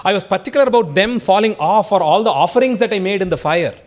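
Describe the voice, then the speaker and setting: A cursed demon, once a proud learned man, pours out his confession and begs for forgiveness in a man's telling. The voice sits fairly high and swings widely in pitch, with vowels. It is a confessional and pleading voice. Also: lively intonation, quick pace. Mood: regretful. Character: remorseful cursed male demon, once an arrogant scholar.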